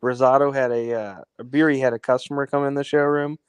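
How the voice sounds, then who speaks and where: A man co-hosting a casual chat, recalling shared stories in a relaxed way. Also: medium pitch, fairly quick, smooth, dry recording. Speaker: co-host.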